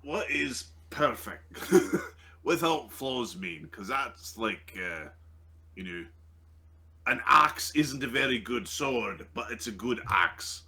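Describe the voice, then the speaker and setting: A man's voice: medium pitch, expressive, slow pace, sharp tone. A man playing a tabletop game, chatting casually and joking with lots of laughter. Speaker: player.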